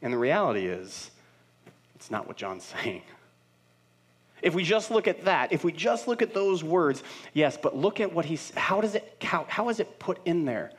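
A man in his thirties, a pastor, preaching a sermon in an easy, conversational style. He acts out the voices of the people he quotes, and his loudness rises and drops as he talks. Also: fairly high pitch, very animated, moderate pace, breathy edge.

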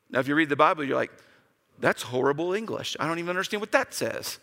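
A man's voice: fast talker, creaky. A man preaching a sermon, talking casually and acting out the quotes with big swings in his voice. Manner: animated, acts out quotes with big pitch jumps. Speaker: pastor. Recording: long hall reverb.

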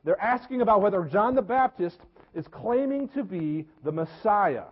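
Husky-voiced preacher in an echoey hall. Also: male voice, high-pitched, expressive. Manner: earnest preaching with repeated words and slow emphasis. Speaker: pastor. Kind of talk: sermon. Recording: echoey hall, dull lo-fi sound.

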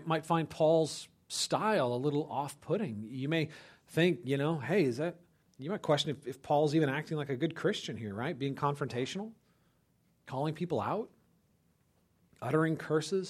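Male pastor, chatty sermon delivery, slightly raised pitch, punchy emphatic bursts. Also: normal speed, breathy edge. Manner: conversational, often checks in with listeners; rises to loud animated bursts for emphasis. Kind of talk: conversational sermon.

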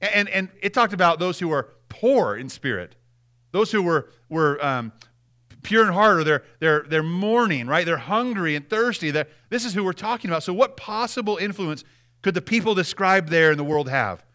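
A man's voice: sits high, expressive, moderate pace, bright, forceful tone. A man preaching a sermon, emphatic and direct, repeating key phrases and speaking straight to the congregation.

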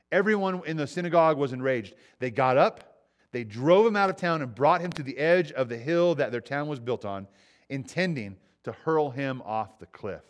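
A man preaching a sermon in a conversational way, acting out quoted voices and repeating lines for emphasis. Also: medium pitch. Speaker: pastor.

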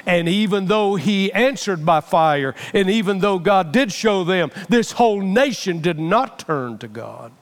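Middle-aged male pastor, high voice, impassioned sermon delivery, long church reverb. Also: expressive, unhurried, hardly any pauses. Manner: impassioned, repeats phrases for emphasis.

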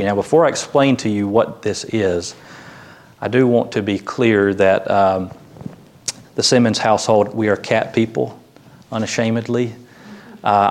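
A man pastor preaching a sermon in a conversational way, with light humor and lively quoted voices. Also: mid-range voice.

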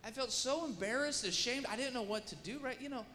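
High bright preacher guy telling a story, gets loud then goes quiet, big echoey church. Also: a little fast, slight background noise. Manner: animated storytelling, swings from quiet asides to loud shouted prayer. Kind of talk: sermon story. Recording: long hall reverb, faint ambience.

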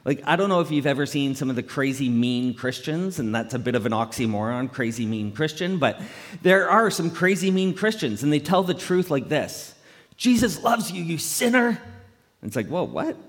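A male pastor preaching a conversational, animated sermon, often acting out quotes in playful voices. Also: mid-range voice, a little fast. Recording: long hall reverb.

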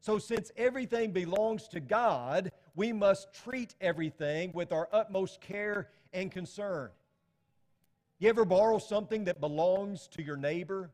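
A man's voice: high-pitched, unhurried, a little mellow. A middle-aged man preaching a sermon as pastor, talking to the congregation conversationally with rhetorical questions. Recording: long hall reverb.

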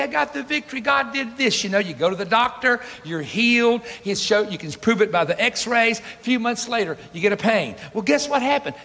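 A man preaching a lively sermon to a congregation, laughing between points and slowing right down to read scripture. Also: high-pitched. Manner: animated, laughing asides, dramatic slow reading of scripture. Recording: long hall reverb.

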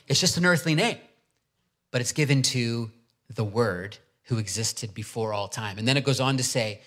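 A man preaching a sermon, opening in quiet prayer and then teaching earnestly through a passage with rhetorical questions. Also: medium pitch, moderate pace. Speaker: pastor.

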